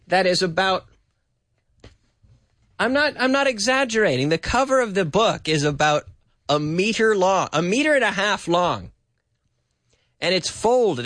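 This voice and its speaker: Lively, chatty male English teacher. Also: high-pitched, dry recording, clean studio sound. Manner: chatty, laughs often, repeats phrases slowly for learners. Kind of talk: radio English lesson with translation drills. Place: radio studio.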